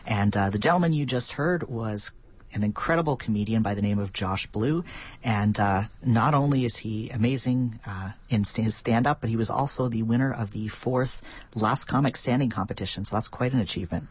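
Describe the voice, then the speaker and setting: Husky man hosting a radio show. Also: on the low side, brisk, lo-fi sound. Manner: friendly link with filler uhs. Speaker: radio host.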